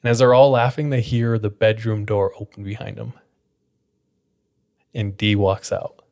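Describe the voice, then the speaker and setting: A man's voice: on the low side, level tone, normal speed, creaky, darkish tone. A man hosting a podcast, casually retelling a spooky story, leaning on "like" as he talks. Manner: casual, filler-heavy retelling with frequent "like". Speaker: podcast host.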